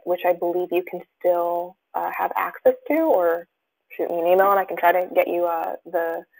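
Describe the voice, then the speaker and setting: On poor audio, a woman's low, creaky voice leads a live webinar Q&A. She reads out questions from the audience and responds, frequently using fillers and starting over.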